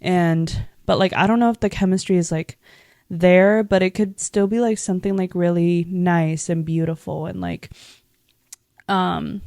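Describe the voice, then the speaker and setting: A woman's voice: fairly low pitch, gravelly, darkish tone, dry recording, studio quality. A young woman hosting a casual chat, rambling and swearing freely with constant filler words. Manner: rambling, profane, heavy use of "like". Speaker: podcast host.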